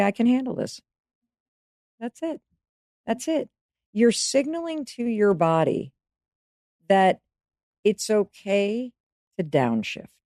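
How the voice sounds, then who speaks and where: A woman's voice: mid-range voice, mellow, dry recording, studio quality. A woman in her fifties, a podcast guest giving advice in casual interview talk, emphatic and coaching, speaking straight to the listener.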